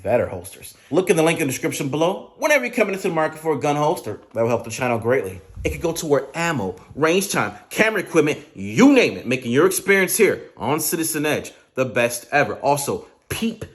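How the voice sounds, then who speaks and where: A man's voice: on the high side, fast, few pauses. A middle-aged man hosting a gun channel, doing casual reaction commentary and talking straight to the viewer. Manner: animated, talks straight to the viewer.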